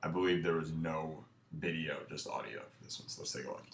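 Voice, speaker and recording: A man's voice: rumbling low, a little fast, gravelly, slight background noise. A man coaching casually, breaking down footage with a laid-back, filler-heavy way of talking. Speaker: dating coach. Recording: echoey room.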